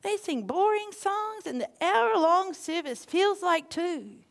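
A woman preaches in a loose, storytelling way, acting out little scenes as she goes. Her voice sits high, and it swings between loud bursts and quiet asides. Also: takes it slowly, vocal fry. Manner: animated, acts out quotes in voices, laughs. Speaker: speaker. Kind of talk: informal sermon with storytelling.

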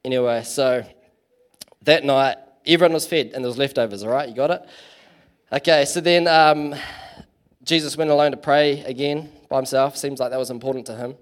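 A man's voice: mid-range voice, fairly even intonation, moderate pace. A man giving a casual, chatty sermon in church, full of fillers and self-deprecating asides. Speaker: preacher.

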